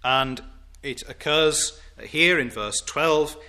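Slow, emphatic preaching man. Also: fairly high pitch, pushed and bright. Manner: slow, deliberate, emphatic preaching with rising declamation on quotes; formal, old-fashioned wording. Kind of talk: sermon.

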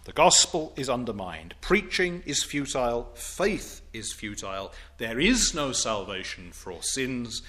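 A man preaching a sermon in a measured, emphatic way, stressing key phrases and dropping to a low, quiet voice on solemn points. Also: big pitch swings.

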